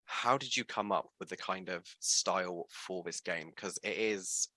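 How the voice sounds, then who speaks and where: Give me an enthusiastic male interviewer, a bit low-pitched and bright. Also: unhurried, dry recording. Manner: gushing, animated, lots of fillers. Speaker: interview host.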